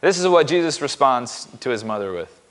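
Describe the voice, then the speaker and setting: In a church with a long reverb tail, a pastor delivers a casual, upbeat sermon, joking and poking fun at himself. His voice is medium-pitched and sing-song, and he talks a little fast.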